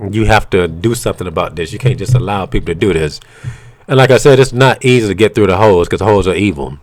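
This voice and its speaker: A man's voice: low-pitched, quick pace. A man ranting bluntly and profanely to camera, retelling an argument with quoted back-and-forth. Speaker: vlogger. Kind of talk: casual ranting monologue.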